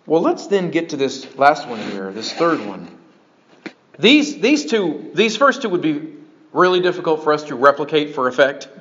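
A man preaching a sermon as pastor, animated and breaking into joking asides to his congregation. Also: on the high side, moderate pace, slight background noise. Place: church sanctuary. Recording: dull lo-fi sermon recording.

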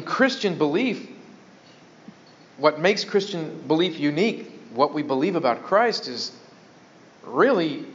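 A man teaching a sermon to a congregation, folksy and animated, with joking asides. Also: fairly high pitch. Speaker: pastor. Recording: dull lo-fi sound.

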